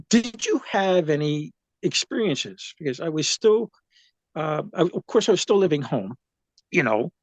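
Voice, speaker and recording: A man's voice: on the high side, no room sound. A man in his seventies, a guest in an interview, telling a personal story in a rambling way, full of restarts and fillers.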